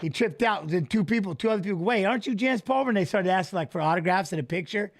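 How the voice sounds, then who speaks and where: A middle-aged man in casual chat, telling a story with swearing and loud, exclaimed quotes. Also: high voice, rapid-fire, slight background noise. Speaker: fight analyst streaming a watch-along.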